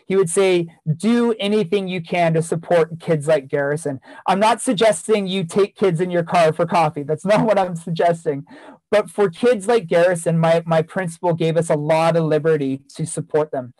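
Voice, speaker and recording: A man's voice: on the high side, fairly even intonation, moderate pace, a little mellow, no echo, low-quality recording. A man giving a keynote talk, earnestly telling a story from his years as a teacher, with repeated phrases for emphasis. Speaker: keynote speaker, former teacher.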